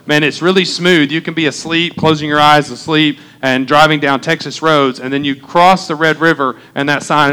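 A man from Oklahoma in his thirties, a pastor preaching a sermon in a relaxed, conversational way, with joking asides and frequent fillers and restarts. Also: mid-range voice, clear, resonant tone.

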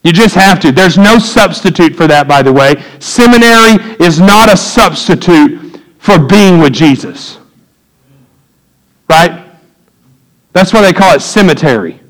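A man, preaching a sermon in a church, swinging from loud emphatic peaks to low quiet asides. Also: poor audio. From United States. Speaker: pastor. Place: church sanctuary.

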